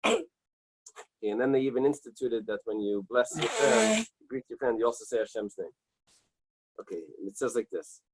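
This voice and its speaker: Husky-voiced rabbi teaching Talmud. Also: male voice, medium pitch, moderate pace, long pauses, poor audio. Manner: reads Hebrew and Aramaic text then translates plainly, with frequent "right?" and "okay". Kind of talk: Talmud study lecture, reading and translating. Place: small synagogue study room.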